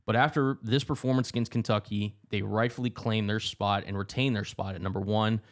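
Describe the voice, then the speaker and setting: A man's voice: lowish voice, steady tone, a little fast. A man co-hosting a casual sports podcast, running through rankings like a broadcaster. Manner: rattles off lists like a broadcaster. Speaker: podcast co-host.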